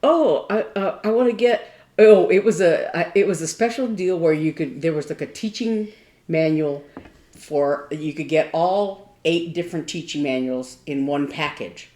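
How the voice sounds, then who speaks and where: Low-voiced woman in an echoey room. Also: moderate pace, warm tone. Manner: chatty, rambling anecdotes. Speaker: podcast co-host. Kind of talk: casual chat. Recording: roomy echo.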